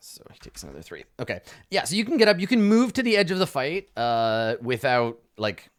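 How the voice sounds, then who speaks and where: A man's voice: medium pitch, huge pitch swings, a little fast. A young man narrating a tabletop game as game master in a loose, chatty way, with many fillers and restarts.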